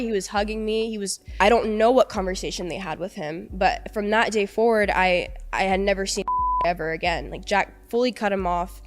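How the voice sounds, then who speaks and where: A young woman appears as a podcast guest, emotionally retelling a personal story while rambling and saying "like" constantly. She speaks fairly quickly in a medium pitch, with faint music behind her.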